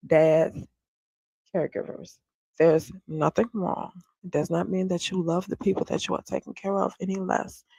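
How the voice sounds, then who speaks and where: A stay-at-home homeschooling mom vents candidly to her livestream viewers in casual chat, swearing freely and speaking straight to them, often asking if they follow her. Her voice is on the low side, creaky and husky, and the recording is rough but has no echo.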